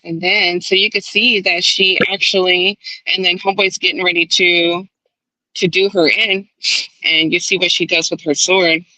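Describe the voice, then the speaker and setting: A woman hosting an online book club chat, recapping scenes with lots of energy and acting out each character's lines. Her voice is low-set but bright and forceful. The sound is close and dry. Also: moderate pace, no echo, rough recording. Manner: animated retelling, acting out characters' lines, swears casually. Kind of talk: casual chat. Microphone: online stream setup.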